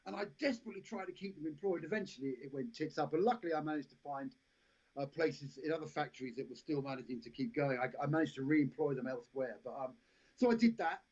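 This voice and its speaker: Guy rambling thru old stories, bit husky, slightly high voice, muffled stream audio. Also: lively intonation, fast, darkish tone. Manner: rambling anecdotes, frequent restarts, laughs at own stories. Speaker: actor and director, podcast guest. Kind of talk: casual storytelling interview.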